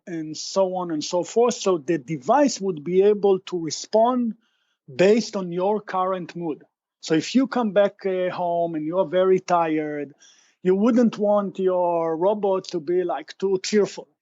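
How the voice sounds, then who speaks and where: A fairly high-pitched man speaks in a measured, explanatory way, often stopping to restart and repeat a word before carrying on. His voice comes through a dull, slightly lo-fi remote line with no room echo. He sounds like a guest answering questions in a podcast interview. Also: a little mellow. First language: Hebrew. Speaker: tech company founder guest.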